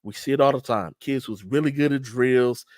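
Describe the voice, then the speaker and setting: Middle-aged male host, emphatic streetwise talk, mid-pitched, dry mic. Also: normal speed, a little mellow, no echo. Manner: emphatic, trash-talking streetwise delivery with repeated restarts. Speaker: show host and event organizer. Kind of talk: casual talk-show monologue.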